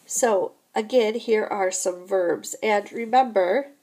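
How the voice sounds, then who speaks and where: A woman teaching a recorded French lesson, explaining grammar slowly and patiently, often repeating "remember" and "so again". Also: mid-range voice, darkish tone.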